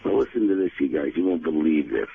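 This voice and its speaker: A man's voice: rumbling low, sing-song, quick pace, creaky, breathy edge, no echo. A man talking as a manager on a radio show, pushy and enthusiastic, egging others on. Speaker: manager on a call-in. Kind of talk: casual radio banter. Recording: dull lo-fi radio audio.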